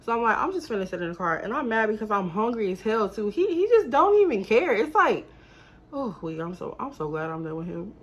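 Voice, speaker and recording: A young woman telling a story to her viewers in a casual, animated, exasperated way. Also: medium pitch, slight background noise.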